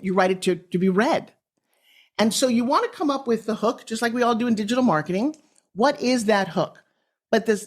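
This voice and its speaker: A woman guesting on a podcast as a pitch coach, giving advice in an emphatic, salesy way with punchy phrasing. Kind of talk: energetic podcast interview advice.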